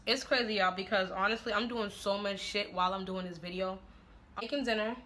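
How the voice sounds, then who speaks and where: A woman with a mid-range, fairly even voice talks fairly quickly in a pushed, bright way, with slight background noise. She's casually vlogging at home in a get-ready-with-me chat, doing her makeup and making dinner while filming, brash, profane, and often laughing.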